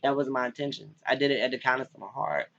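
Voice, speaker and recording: A man's voice: medium pitch, fairly even intonation, fast talker, a bit bright, a little hiss or hum. A young man from North Carolina, pleading directly to the camera in a rambling way, often restarting his sentences. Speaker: vlogger. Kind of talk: direct-to-camera personal appeal. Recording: dull lo-fi recording.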